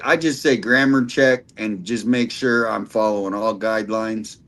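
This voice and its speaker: A man's voice: on the low side, fairly even intonation, normal speed, fairly bright tone. A man chatting as a guest on a casual stream, hesitant and full of fillers as he works through his thoughts. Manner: hesitant, many fillers, thinks aloud. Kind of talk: casual conversation.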